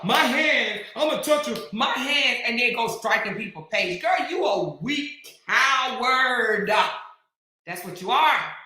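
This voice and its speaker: Woman, heated commentary rant, bright forceful tone, slightly high pitch, echoey room. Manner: taunting, scolding, drawn-out emphatic delivery, bursts of shouting. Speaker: commentary channel host.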